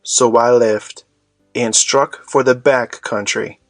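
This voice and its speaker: A man narrating an audiobook in a measured storytelling manner. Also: mid-range voice, steady tone, no echo, faint music behind.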